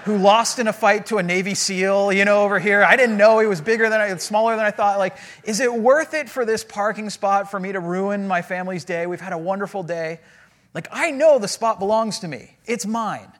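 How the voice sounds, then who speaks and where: A man preaching a sermon as a pastor, in animated, conversational storytelling. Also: high-pitched, a little fast.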